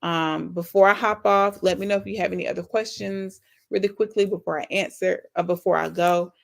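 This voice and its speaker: Creaky-voiced woman hosting a live Q&A. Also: fairly low pitch, steady tone, brisk. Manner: earnest, affectionate, faith-filled talk to viewers; reads out viewer comments and answers them. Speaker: YouTube channel host. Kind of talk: casual live-stream Q&A.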